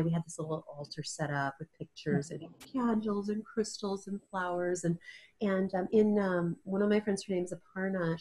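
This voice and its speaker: A woman's voice: fairly low pitch, darkish tone, husky. A middle-aged woman, an interview guest, telling an emotional personal story, tearful at times and laughing through it.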